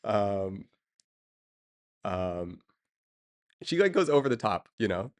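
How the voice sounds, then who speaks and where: A man's voice: fairly low pitch, sing-song, slow pace. A man streaming and chatting casually with his viewers, rambling with lots of fillers and chuckles. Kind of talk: casual chat.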